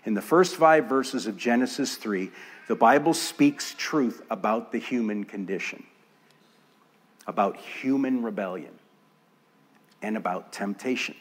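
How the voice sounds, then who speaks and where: A male pastor preaching a sermon in a church, measured and emphatic, building his points through repeated phrases. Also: on the low side, slightly rough.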